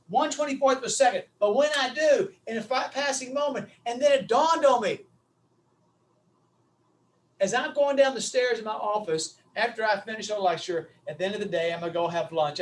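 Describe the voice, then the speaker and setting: A man giving a motivational webinar talk, telling stories in an animated way that swings from loud to quiet. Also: high-pitched, fairly quick, far from the mic, slight background noise, low-quality recording. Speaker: speaker.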